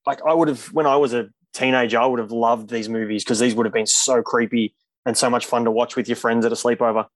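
A man's voice: mid-range voice, steady tone, quick pace, no echo. A man guesting on a podcast, chatting casually about films and building his points loosely. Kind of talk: casual film discussion.

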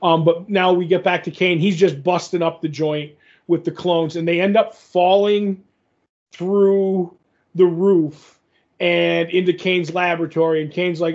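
A man's voice: high-pitched, level tone, a little slow, darkish tone, highs cut off. A man co-hosting a podcast, rambling casually through a comic recap with fillers and restarts. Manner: rambling, many fillers, restarts and acted quotes. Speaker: podcast co-host.

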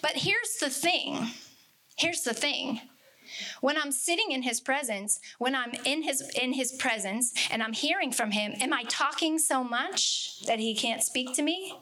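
A woman's voice: sits high, animated, measured pace, sharp tone. A woman leading a casual Bible study, earnest and conversational, repeating words for emphasis.

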